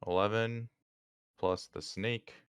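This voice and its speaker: Male player on a voice call, very deep and smooth, slow, hesitant. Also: steady tone, no echo, clean studio sound. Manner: unhurried, hesitant, with many ums. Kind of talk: casual tabletop play and narrating his character. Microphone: online voice call.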